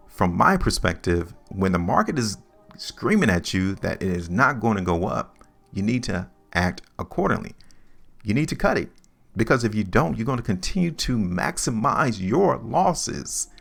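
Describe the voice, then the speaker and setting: A man's voice: fairly low pitch, animated, moderate pace, creaky, fairly bright tone, faint music behind. A man hosting a stock market video, lecturing viewers over his charts with emphatic, repetitive talk. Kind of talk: chart analysis commentary.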